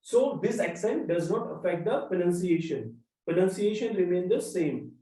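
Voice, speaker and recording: A language teacher, slowly repeating examples and word pairs in a lesson. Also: mid-range voice, expressive, mellow. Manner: slow, repetitive drilling of examples. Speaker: French teacher. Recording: roomy echo, mic far off.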